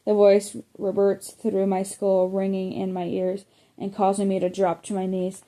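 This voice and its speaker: A woman reads a first-person chapter book aloud, her voice flat and even. The tone is soft and mellow, and she now and then stumbles and corrects a word. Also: medium pitch, normal speed. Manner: plain, even reading with small slips and self-corrections. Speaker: audiobook reader. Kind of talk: first-person audiobook narration.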